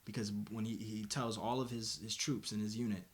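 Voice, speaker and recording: A man's voice: lowish voice, fairly even intonation. A man co-hosting a casual film review podcast, talking eagerly and using "like" a lot. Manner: eager, rapid, fillers of "like". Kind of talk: casual chat.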